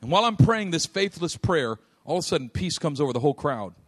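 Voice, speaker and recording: Animated preacher man telling a story. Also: a little high, fast, breathy edge. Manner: animated, acts out voices, shouts at peaks. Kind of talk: sermon storytelling.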